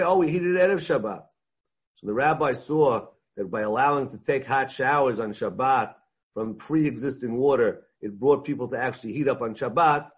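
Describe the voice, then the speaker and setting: A man leads a Talmud lesson, moving between English and Hebrew and Aramaic quotes. His voice sits at an everyday middle pitch with a husky, slightly rough edge. He gets animated and plays out the voices in the text as he explains. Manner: animated, mixes Hebrew and Aramaic terms into English, acts out dialogue. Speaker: Talmud teacher. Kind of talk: Talmud class lecture.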